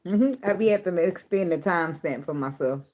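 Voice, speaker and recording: A woman's voice: fairly low pitch, brisk, a little mellow. A woman giving a casual tarot reading, blunt and profane, often breaking into laughter. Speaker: tarot reader.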